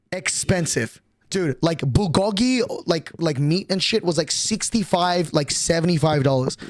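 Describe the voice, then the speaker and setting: A young man streamer telling a story in casual, profane, rambling talk. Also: high voice.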